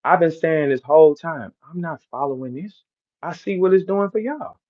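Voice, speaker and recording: A man's voice: on the high side, expressive, normal speed, lo-fi sound. A man from St. Louis with a St. Louis accent, boasting and trash-talking in a brash, repetitive live-stream rant. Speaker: battle rapper hosting a live audio room.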